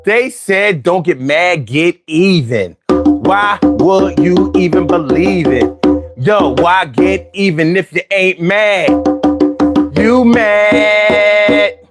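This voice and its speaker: A male host talks casually to his livestream viewers, full of slang and rhetorical questions to the audience. His voice sits high and swings widely in pitch, and he takes his time between phrases. He circles back to the same lines again and again. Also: lively intonation, takes it slowly, over loud music.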